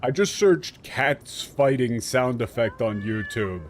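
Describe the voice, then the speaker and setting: A man streaming a game, giving irreverent, swearing commentary and haltingly translating lines. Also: medium pitch, animated, a little hiss or hum. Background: game music.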